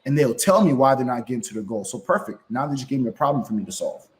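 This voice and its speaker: A man's voice: medium pitch, animated, fast. A man giving motivational sales advice as a guest, emphatic, often checking in with "right?" and acting out phone calls.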